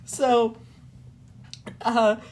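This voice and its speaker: A young woman chatting casually as a guest, telling a story in an animated, dramatic way, full of "like" and fillers. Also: fairly high pitch, drawn-out words. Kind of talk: casual chat.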